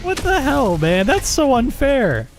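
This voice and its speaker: A man's voice: extremely high pitch, wildly swooping pitch, a little slow. Game streamer, a man, chatty and profane, voice swinging up and down, half-laughing complaints. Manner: chatty, laughing, swears a lot, mock-outraged. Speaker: gaming live streamer. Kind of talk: casual gameplay commentary.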